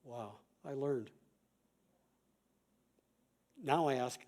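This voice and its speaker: A middle-aged man, a pastor and chaplain, giving a calm, measured conference talk with quoted examples. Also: medium pitch.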